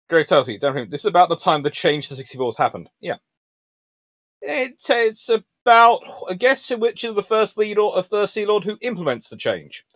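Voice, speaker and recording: Hombre británico animado, voz en sala seca. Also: male voice, high-pitched, no room sound. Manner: lively and chatty, reading names in a sing-song list. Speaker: naval historian hosting a livestream. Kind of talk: casual lecture reading ship lists and answering chat.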